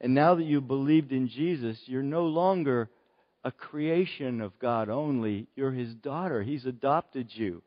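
Slow, earnest male pastor preaching. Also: mid-range voice, in a large hall, dull audio. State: choked up with emotion. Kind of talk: sermon at a baptism service.

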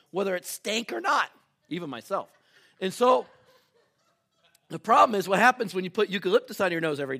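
A male pastor preaching a sermon full of personal stories. He tells them with animated energy, sometimes shouting and laughing, then drops low and quiet to pray.

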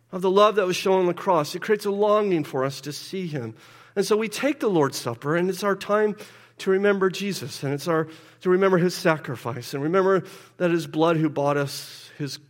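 A man preaching a sermon in a church, often repeating words as he swings between loud urgency and hushed intensity. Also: fairly high pitch. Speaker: pastor. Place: church sanctuary. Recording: long hall reverb.

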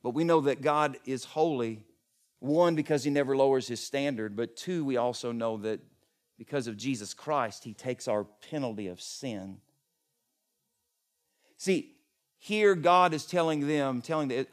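A middle-aged man preaching a sermon as pastor, swinging from loud emphatic peaks to soft hushed lines. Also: mid-range voice, measured pace.

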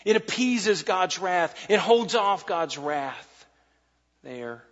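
High-voiced preacher in a reverberant hall. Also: male voice, slow pace. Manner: animated preaching, repeats phrases for emphasis. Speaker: pastor. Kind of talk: sermon. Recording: muffled sound in a large reverberant hall.

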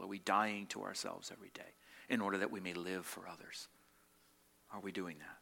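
Man, pastor delivering a sermon; bright, forceful voice; rhetorical questions, repeats lines, swings loud to hushed. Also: deep voice, vocal fry. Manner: swings between loud emphatic peaks and quiet, slowed reflective passages.

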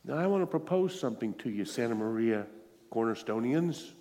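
A man's voice: mid-range voice, animated, a little fast, warm tone, long reverb tail. A middle-aged man preaching an emotional sermon, earnest and pleading as he tells a story, tearful at times. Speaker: guest preacher. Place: church sanctuary.

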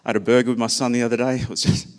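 A man's voice: mid-range voice, little pitch movement, very fast. A man preaching a sermon, speaking personally and conversationally and sharing stories about his own children.

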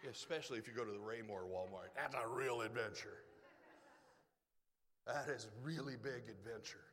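A man preaching a sermon as a pastor, emphatic, swinging between loud declarations and hushed asides. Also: mid-range voice, normal speed, breathy edge. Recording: long reverb hall.

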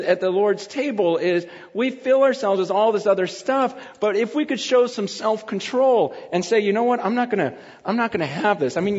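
A middle-aged man preaching a casual sermon over a meal, chatty and laughing, at times talking with his mouth full. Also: high-pitched. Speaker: pastor. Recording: dull sound with long hall reverb.

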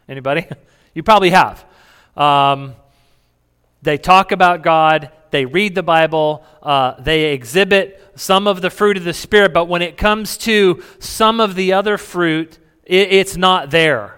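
Chatty pastor in a reverberant hall. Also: male voice, high-pitched, measured pace, a bit bright, clean tone. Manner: conversational, asks the congregation questions; chuckles, many restarts. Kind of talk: sermon.

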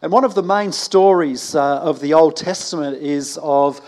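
A male pastor delivers a sermon in a church service. His voice sits a little high, and his delivery is halting, full of ums and false starts. He drops in light joking remarks aimed at people in the pews. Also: a little mellow. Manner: hesitant, many ums and restarts, joking asides with the congregation. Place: church service before a congregation.

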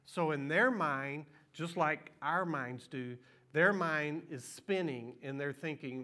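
Man, pastor, sermon, conversational, repeats words, slightly high voice. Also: slow pace. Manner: conversational, repeats words, drops to soft tones for emotional points.

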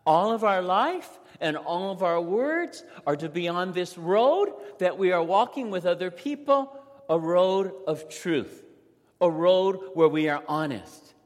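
Male pastor in the pulpit, slightly high voice that swings widely as he tells stories, long church reverb. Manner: animated storytelling with dramatic pauses. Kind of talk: sermon. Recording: long reverb of a large hall.

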